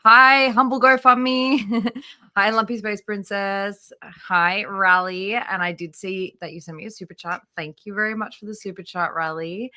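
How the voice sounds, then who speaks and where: A woman hosts a relaxed livestream with a bright, forward tone. She chats easily, greets viewers one by one and laughs often. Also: mid-range voice, normal speed. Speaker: livestream host. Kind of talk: casual livestream commentary.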